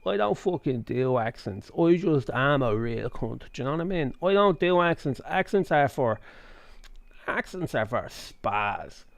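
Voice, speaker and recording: Swaggering, slow-talking Irish tough guy, done by a man, dry and close. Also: medium pitch, expressive, creaky, dry recording. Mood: mock-tough.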